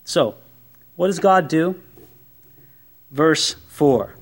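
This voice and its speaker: Lively high-voiced male preacher. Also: drawn-out words. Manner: animated, conversational preaching with rhetorical questions. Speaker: pastor. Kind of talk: sermon.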